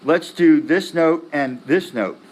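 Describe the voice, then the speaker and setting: High-voiced man quizzing a class. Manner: animated, quizzing the class with quick questions and slang like "dig?". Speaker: music theory teacher. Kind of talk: classroom lecture. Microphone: laptop recording the lecture. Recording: echoey classroom from a distance.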